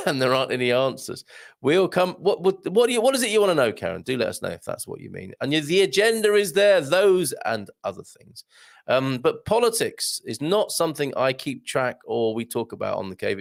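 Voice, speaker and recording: Reading viewer comments on his live show, a middle-aged British man keeps things casual and wry, with plenty of asides and ums. His voice sits a little high and has a creaky quality.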